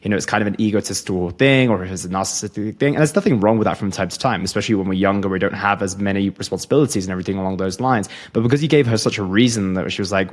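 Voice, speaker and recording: A man hosting a podcast, reflecting back on what his guest said in a measured, summarizing way. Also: on the low side. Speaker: podcast host. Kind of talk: interview talk.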